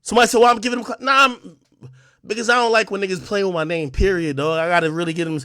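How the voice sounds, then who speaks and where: A man hosting a livestream, trash-talking aggressively with heavy profanity, swinging between shouting and low muttering. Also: fairly even intonation, very fast, no echo, studio quality. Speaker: livestream host. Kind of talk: ranting livestream talk.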